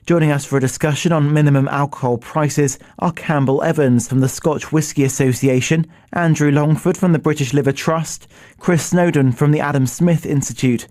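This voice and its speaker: A man's voice: a little high, fairly even intonation, a little mellow, no room sound, studio quality. A man hosting a radio debate, introducing guests and asking probing questions. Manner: probing, brisk. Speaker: radio host.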